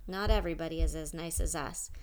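Woman doing a loud cocky teen boy. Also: sits low, fast, close to an everyday voice. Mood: jokey. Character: cocky teenage boy from a labor camp.

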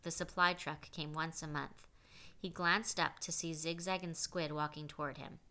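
A woman reading an audiobook with a low, bright voice. Steady, clear storytelling. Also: moderate pace. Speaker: audiobook narrator. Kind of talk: scripted audiobook narration.

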